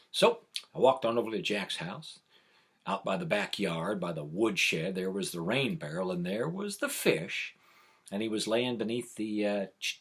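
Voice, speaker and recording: In this animated piece of oral storytelling, a man delivers a tall tale that drops to whispers one moment and rises to exclamations the next. He speaks unhurriedly in a low, husky-bright voice full of melodic movement.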